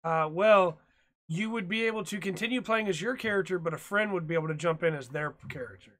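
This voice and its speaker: Young male podcast co-host, high and bright, chatty and laughing, animated storyteller. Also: fast talker. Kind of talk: casual chat.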